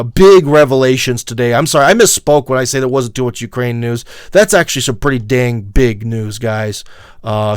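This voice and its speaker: Livestream host: Midwestern American man, rambling and emphatic, smooth dry voice, close to the mic. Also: medium pitch, no room sound. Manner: rambling, many fillers, emphatic asides to viewers. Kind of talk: casual livestream monologue.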